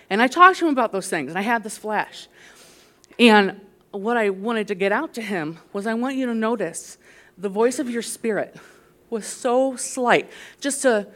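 A middle-aged woman recounts a family story in a relaxed, chatty testimony style. She is lively and laughs as she goes, and her voice climbs and grows loud whenever she quotes herself. Her pitch sits in an everyday middle range. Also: measured pace. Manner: animated, laughing, rising loud when quoting herself. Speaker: mother telling a testimony.

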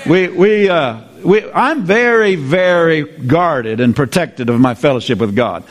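A man preaching a sermon, lively, repeating his phrases and drawing responses from the congregation. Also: fairly high pitch, measured pace, some chatter behind.

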